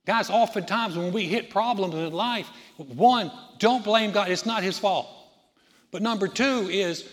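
A man preaching, his voice on the high side as it rings through a reverberant church hall. He talks to the congregation in a folksy way and drops to a hushed tone for his stories. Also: unhurried. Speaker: pastor. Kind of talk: sermon.

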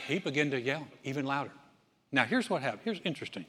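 Lively preacher guy, bright tense voice, big hall echo. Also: medium pitch, fast, husky. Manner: animated, acts out voices with shouts. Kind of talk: sermon. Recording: echoey hall.

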